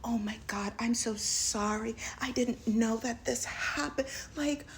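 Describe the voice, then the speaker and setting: A breathless, gasping young woman, pitched well above her usual voice, pours out sympathy in soft, cooing tones, as a woman puts her on. She sounds wide-eyed and over-sympathetic. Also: a little slow, slight background noise. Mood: gushing.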